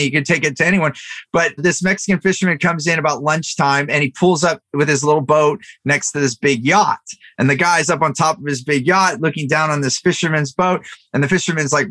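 A man in his thirties or older, a podcast guest, telling a story in an animated way with frequent restarts. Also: fairly high pitch, no room sound. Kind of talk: storytelling interview talk.

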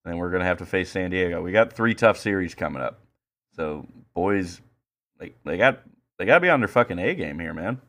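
Brief: male podcast co-host, lowish voice, cussing, animated yarn-spinner. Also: brisk. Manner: profane, animated storytelling. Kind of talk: casual chat.

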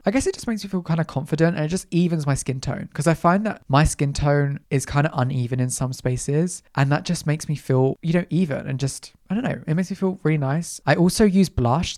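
British accent, podcast host, casual chat, gushing, quick asides, mid-pitched voice. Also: darkish tone.

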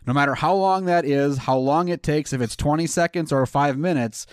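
A man's voice: a little high, moderate pace, clear, resonant tone, no room sound, clean studio sound. A man hosting a casual group chat, enthusiastic and laughing often as he tells stories. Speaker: podcast host.

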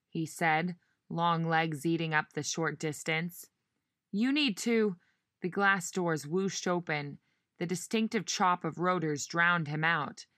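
Woman narrating a novel, bright and dry. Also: deep voice, dry recording. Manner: measured storytelling, voicing characters. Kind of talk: audiobook narration.

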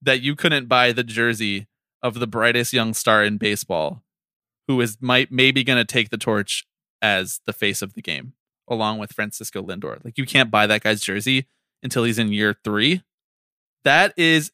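A man co-hosting a casual sports chat, ranting in an animated way, swearing and laughing often. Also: medium pitch, normal speed, dry recording, clean studio sound. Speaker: podcast co-host.

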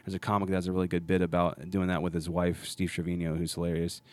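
A man's voice: low voice, completely flat delivery, quick pace, a little mellow. A man hosting a podcast in casual chat, rambling and restarting his sentences often. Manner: rambling, self-interrupting, many restarts. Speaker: podcast host.

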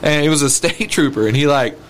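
A man's voice: a little high, brisk. A young adult man co-hosting a podcast, often laughing and chiming in while trading stories in casual chat. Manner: laughs often, chimes in, mimics others. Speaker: podcast co-host.

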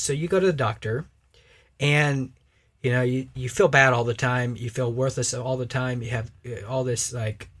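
Man, husky, emphatic, preachy, podcast co-host, casual discussion. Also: medium pitch. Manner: emphatic, preachy, quick to act out quoted voices.

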